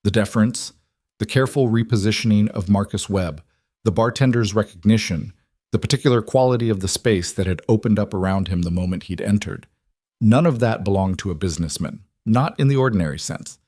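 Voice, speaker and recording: Low-voiced male story narrator. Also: brisk, darkish tone, no echo, studio quality. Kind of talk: scripted audiobook narration.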